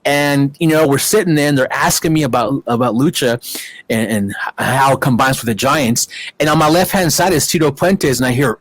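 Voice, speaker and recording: A middle-aged man, a guest in a casual interview, telling animated stories with plenty of fillers and acted-out quotes. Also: medium pitch, normal speed, no echo. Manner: animated anecdotes with many fillers and quoted voices. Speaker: guest, wrestling promoter.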